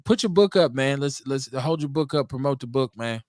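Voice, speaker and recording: A man on a casual sports talk show, animated and joking, often repeating himself. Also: medium pitch, a little fast, no echo, clean studio sound.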